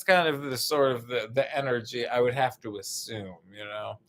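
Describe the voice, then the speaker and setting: A young American man doing a rambling, profane stand-up bit, full of fillers and restarts, now and then bursting into loud put-on voices. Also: medium pitch, normal speed, few pauses. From United States. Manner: meandering, profane, lots of fillers, sudden shouted bits. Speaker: stand-up comedian.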